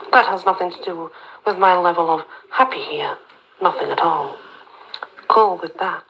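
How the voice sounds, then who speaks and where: A woman's voice: sits low, gravelly, fairly bright tone, slight background noise, low-quality recording. A woman reading a first-person story aloud, with a chatty, wry inner-monologue manner.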